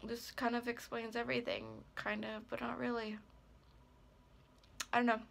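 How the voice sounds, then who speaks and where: A woman's voice: a little high, little pitch movement, moderate pace, creaky, fairly bright tone. A woman in her twenties talking hesitantly and anxiously in a personal vlog, full of fillers and trailing off. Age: 20s. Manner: hesitant, rambling, many fillers. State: worried and upset. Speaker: ASMR creator.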